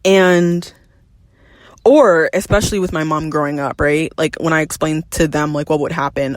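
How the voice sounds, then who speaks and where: A woman's voice: sits low, steady tone, moderate pace, dry recording. A young woman in her twenties hosting a candid personal podcast, talking frankly and animatedly, swearing freely and laughing between thoughts. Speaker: podcast host.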